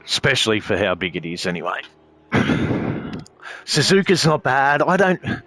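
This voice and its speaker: Very animated, with a mid-range voice and a bright, forceful tone, this easygoing Australian talks to his audience at a moderate pace during a live sim racing stream. He rambles freely and curses in nearly every line, and the recording is dry.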